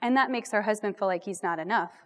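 A woman's voice: medium pitch, quick pace, a bit bright. A middle-aged woman giving a chatty, self-deprecating Bible talk to a women's group, full of rambling asides. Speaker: women's ministry speaker. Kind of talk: sermon-style Bible teaching.

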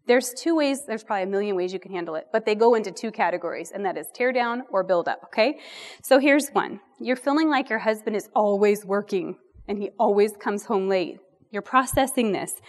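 A middle-aged woman giving a chatty, self-deprecating Bible talk to a women's group, full of rambling asides. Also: medium pitch. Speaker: women's ministry speaker. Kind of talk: sermon-style Bible teaching.

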